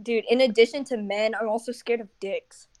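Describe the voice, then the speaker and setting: A woman's voice: on the high side, fairly even intonation, normal speed. A woman in a casual group chat, blunt and crude with her teasing. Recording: overlapping group chatter.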